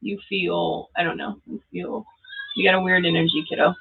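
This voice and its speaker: A woman's voice: lowish voice, little pitch movement, moderate pace, creaky, slightly rough. A middle-aged woman hosting a live tarot reading, chatty and laughing often as she talks straight to viewers. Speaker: tarot reader and channel host. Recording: tinny phone-like audio.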